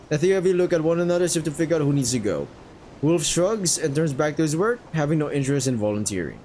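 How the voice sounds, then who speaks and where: A man's voice: on the high side, lively intonation, darkish tone, slight background noise, poor audio. Man casually reading a story game aloud. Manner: casual, quick asides and swearing between narration. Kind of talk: narrating and reacting to a story game.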